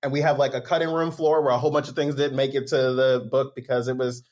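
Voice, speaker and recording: A man's voice: mid-range voice, flat delivery, quick pace, a little mellow. A man who is a guest author on a podcast, talking things through casually with lots of "like" and "right?". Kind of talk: casual chat.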